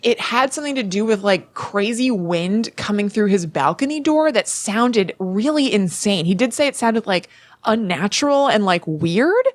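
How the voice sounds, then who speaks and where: A woman's voice: mid-range voice, animated, moderate pace, no room sound. A young woman co-hosting a podcast, casually retelling a story in a chatty way full of "like" fillers. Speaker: podcast co-host.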